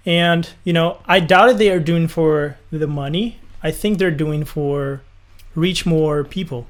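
A man co-hosting a podcast in relaxed, casual chat. He speaks a touch high and feels his way through sentences with fillers and small restarts. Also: unhurried. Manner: hesitant, many fillers and restarts, easygoing. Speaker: podcast co-host, music producer.

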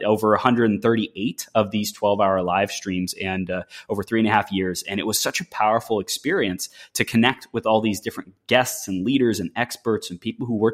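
Male coach guest, low voice, energetic, quick-talking, self-interrupting. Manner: enthusiastic, fast-talking, with frequent restarts. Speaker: podcast host and men's coach.

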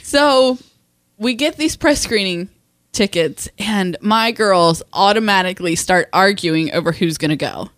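A middle-aged woman chatting on a podcast in a medium-pitched voice. She tells family stories with laughter and quick quoted asides. The sound is dry and close, with no room around it. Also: fairly bright tone, no room sound. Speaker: podcast co-host. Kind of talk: casual chat.

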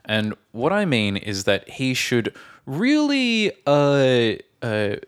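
Aussie guy co-hosting a podcast, voice jumps around a lot, slows down to explain stuff with examples. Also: mid-range voice, clear, resonant tone. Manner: animated, explains slowly with examples. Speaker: podcast co-host. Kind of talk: casual chat explaining English phrases.

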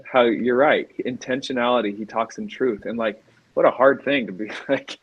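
Husky-voiced man telling a story. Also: mid-range voice, moderate pace, muffled recording. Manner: rambling, emotional storytelling. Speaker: podcast co-host. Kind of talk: casual faith chat.

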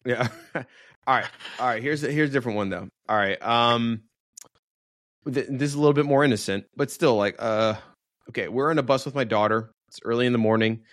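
A man's voice: medium pitch, fairly quick, fairly bright tone, no room sound, clean studio sound. Laughing, rambling male podcast host. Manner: laughing often, rambling with restarts. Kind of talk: casual chat.

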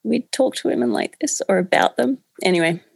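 A woman's voice: mid-range voice, lively intonation, a little fast, creaky, darkish tone, breathy edge, no room sound. A woman candidly telling a personal story in casual chat, with many fillers. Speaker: podcast guest.

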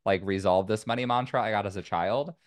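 A man's voice: lowish voice, brisk, no room sound, clean studio sound. A man from Indiana in a casual conversation, talking in loose, rambling sentences full of "like.". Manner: rambling, many "like" fillers. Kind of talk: casual chat.

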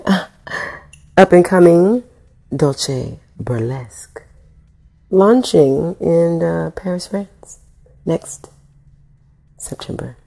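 A woman's voice: on the low side, vocal fry, a little mellow. A woman vlogging, telling a story in a casual, slangy way with swearing and acted-out quotes.

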